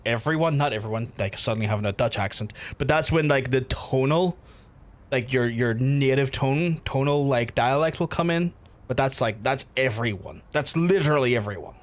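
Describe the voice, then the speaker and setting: A man's voice: a little high, a bit bright. A man with a Belfast accent who hosts a livestream, chatting casually with viewers, swearing freely and restarting sentences as he goes. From Northern Ireland. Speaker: livestream host.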